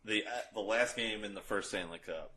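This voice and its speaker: Young male podcast co-host, lower voice, relaxed banter, quick to laugh. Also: a crowd in the background. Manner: laughs often, quotes lines in put-on voices. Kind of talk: casual movie review chat.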